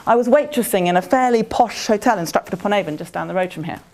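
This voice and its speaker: Speaking quickly in a mid-range voice with a darkish tone, a woman presents a motivational talk at a conference venue. She keeps it conversational and addresses questions to her listeners.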